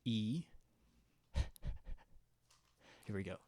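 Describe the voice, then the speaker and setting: A man's voice: lowish voice, lively intonation, drawn-out words, darkish tone. A young man hosting a casual livestream, rambling and giggling as he chats with viewers and reads their comments. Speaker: livestream host.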